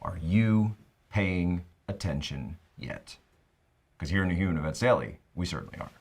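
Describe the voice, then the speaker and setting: A man's voice: sits low, animated, normal speed, creaky, darkish tone, slightly rough. A man hosting a political talk show, delivering an emphatic, sarcastic monologue. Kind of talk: monologue commentary.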